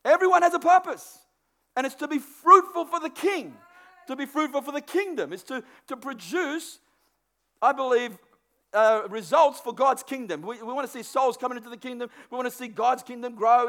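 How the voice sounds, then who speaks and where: A man preaching a sermon in an animated way, acting out inner thoughts and often repeating words as he goes. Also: extremely high pitch.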